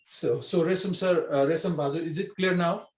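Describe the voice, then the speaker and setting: A man's voice: a little high, fairly even intonation, normal speed, a little mellow, echoey room, low-quality recording. A man teaching a writing script in an online lesson, explaining patiently and repeating himself with many fillers over a video call.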